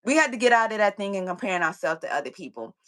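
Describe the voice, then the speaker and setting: A woman who runs a fitness business, a guest telling a story, preaching a lesson and repeating her key phrases with lively energy. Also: mid-range voice, rapid-fire, poor audio. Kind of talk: motivational storytelling chat.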